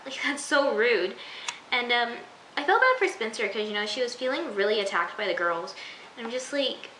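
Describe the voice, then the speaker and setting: A woman chatting through an episode review, acting out her own reactions and sometimes dropping into a soft near-whisper. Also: on the high side, moderate pace, pauses often, a little hiss or hum. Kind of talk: casual episode review vlog. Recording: echoey room.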